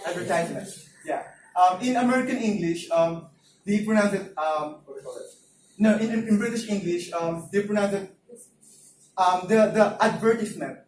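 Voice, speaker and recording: A man's voice: sits high, a little fast, a little mellow, a little hiss or hum. A young Filipino man with a Filipino accent, giving a class presentation with many fillers and questions to the audience. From Philippines. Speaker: student presenter. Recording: roomy classroom, mic far off.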